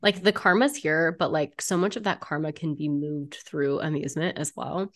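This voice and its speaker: A woman's voice: sits low, moderate pace, fairly bright tone. A woman talking as a podcast guest about energy work, blunt, playful and often swearing. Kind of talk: casual podcast conversation.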